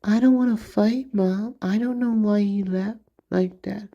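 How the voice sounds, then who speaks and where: A man's voice: sits high, steady tone, measured pace, warm tone, lo-fi sound, voice pushed up. A man playing a meek boy pleading with his mother. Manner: pleading, defensive.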